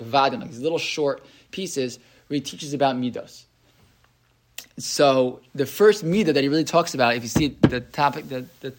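A man teaching a Torah class, talking casually with many restarts and translating Hebrew texts as he goes. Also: medium pitch. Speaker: yeshiva teacher. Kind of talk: Torah class with source sheet.

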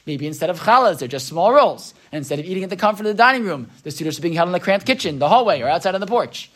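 A man's voice: sits high, lively intonation, rapid-fire, fairly bright tone. Chatty man teaching a Torah class. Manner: chatty, keeps asking "right?"; acts out quoted voices in his retelling. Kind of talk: casual Torah class lecture.

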